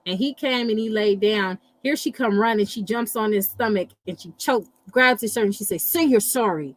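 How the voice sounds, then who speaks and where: A middle-aged woman hosting a casual live chat, animated and blunt, swearing freely and reacting to viewer comments. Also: mid-range voice, normal speed, low-quality recording. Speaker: livestream host reading astrology.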